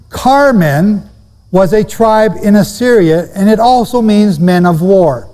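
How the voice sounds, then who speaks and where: A man's voice: high voice, lively intonation, slow, dark tone. A man teaching Bible prophecy to a live audience, emphatic, repeating key phrases and quizzing his listeners. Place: room with a seated audience. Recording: long reverb of a hall.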